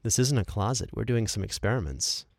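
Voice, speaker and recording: A man's voice: lowish voice, lively intonation, brisk, creaky, a little mellow, no room sound. A man rehearsing lines between takes, making dry, wry asides as he tries different readings. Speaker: voice actor.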